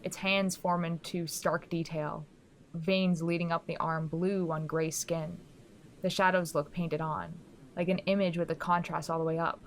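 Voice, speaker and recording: A woman narrating a horror audio drama in a quiet, measured storytelling manner. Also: on the low side, level tone, long reverb tail, a little hiss or hum.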